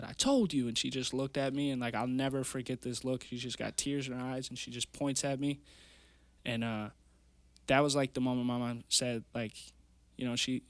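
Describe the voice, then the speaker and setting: Here the same kind of guest, a twenty-something amateur MMA fighter, tells his story in a casual interview, earnest, meandering, and heavy on fillers. His everyday mid-pitch voice is a bit bright. Recorded close on a podcast mic, the sound is dry with no room around it.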